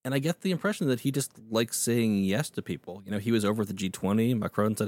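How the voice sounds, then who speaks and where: A man's voice: on the low side, fast, darkish tone, no room sound. A man co-hosting a podcast, chatting casually about politics with wry asides. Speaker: podcast co-host.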